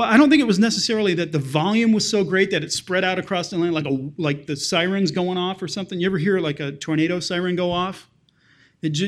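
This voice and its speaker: A middle-aged man preaching a sermon in a conversational, explanatory way, softly acting out quoted lines. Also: sits high. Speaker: pastor.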